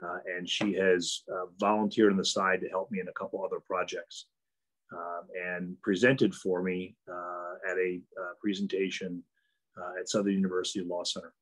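A man's voice: low voice, flat delivery, normal speed, fairly bright tone, rough recording. A man hosting an award ceremony over a video call, speaking earnestly with frequent ums and uhs. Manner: many fillers, earnest and praising. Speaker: event host.

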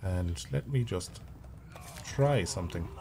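A man's voice: low-pitched, expressive, slow pace, crowd noise. A man streaming a video game, giving casual, profane and rambling commentary with jokes as he plays. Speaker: gaming streamer.

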